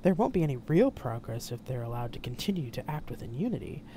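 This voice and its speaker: A narrator voicing a calm older male admiral who speaks in a measured, composed way, in an audiobook reading. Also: mid-range voice, a little hiss or hum. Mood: firm.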